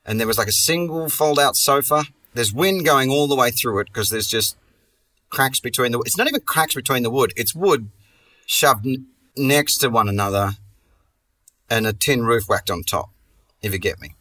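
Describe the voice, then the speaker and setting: A man's voice: medium pitch, expressive, normal speed, bright, forceful tone, recorded from a distance. A man hosting a comedy podcast, telling a long story in a rambling, sweary way and restarting his sentences often. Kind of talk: casual comic storytelling.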